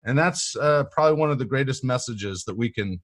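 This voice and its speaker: A man's voice: medium pitch, animated, fairly quick. A man hosting a motivational interview, talking in an earnest, coaching way and often adding "right?". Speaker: host.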